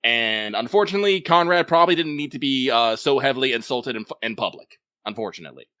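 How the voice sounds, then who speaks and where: A man's voice: medium pitch, expressive, fast, bright, forceful tone, dry recording, studio quality. A man co-hosting a podcast in casual chat, talking in long runs full of swearing and self-corrections. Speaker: podcast co-host.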